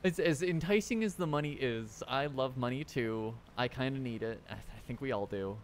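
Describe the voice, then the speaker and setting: Animated male game streamer. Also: mid-range voice, fairly quick, slight background noise. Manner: animated, swearing, chatting to viewers. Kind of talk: casual game-stream chat.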